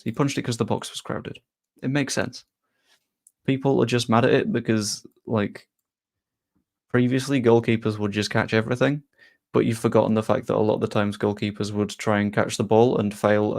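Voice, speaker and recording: Gravelly-voiced man answering chat questions. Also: fairly low pitch, level tone, fairly quick. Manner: chatty, answers viewer questions with asides. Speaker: football channel host. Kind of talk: casual live-stream Q&A.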